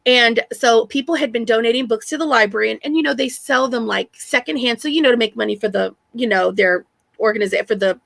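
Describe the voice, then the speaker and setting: A woman's voice: a little high, quick pace, creaky, fairly bright tone, dry recording. A woman hosting a live stream, telling rambling stories in casual chat with lots of restarts. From Texas. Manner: chatty storyteller, rambling with many restarts.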